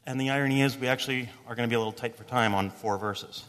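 A man delivering a sermon in a casual, chatty way, dropping in quick voiced quotes as he retells stories. His voice sits at an ordinary middle pitch. The sound carries a long reverb, as if from a church hall. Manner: conversational, animated storytelling with quick voices for quotes. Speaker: pastor.

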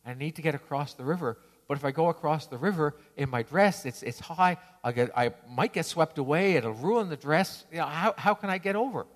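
A man's voice: fairly high pitch, lively intonation, a little fast, few pauses, pitched above the performer's own voice, lightly acted. An anxious young bride put on by a male preacher pleads for help, her voice lifting a little. The room echo is long and roomy. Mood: pleading. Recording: reverberant hall.

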